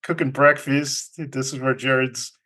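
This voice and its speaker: A man's voice: medium pitch, steady tone, a little slow, pushed and bright. A man co-hosting a casual movie podcast, retelling scenes with playful quoted voices. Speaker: podcast co-host.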